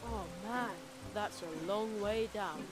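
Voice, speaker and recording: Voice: medium pitch, slow pace, natural voice. Actor voicing an earnest, curious young boy. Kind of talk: video game voice acting. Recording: game audio under music.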